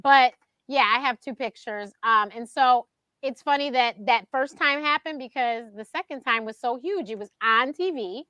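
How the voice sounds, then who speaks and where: A high-pitched woman with a bright, forceful voice, chatting in a casual, storytelling way. She is lively and laughs often, and she jumps into a higher voice when she acts out what other people said. The sound is dry and close. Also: normal speed, no room sound. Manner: animated, acts out quotes in a higher voice; laughs often mid-sentence. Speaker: show host being interviewed.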